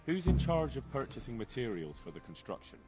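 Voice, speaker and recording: A man's voice: medium pitch, big pitch swings, a little fast, loud music behind the voice, close to an everyday voice. An actor playing a young man who asks direct questions while investigating in a video game. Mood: inquiring.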